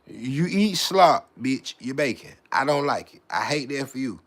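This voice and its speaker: A man's voice: mid-range voice, lively intonation, moderate pace, a bit bright. A man vlogging in a profane, mocking rant to camera, repeating himself and stumbling over words with swagger. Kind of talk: profane ranting monologue to camera.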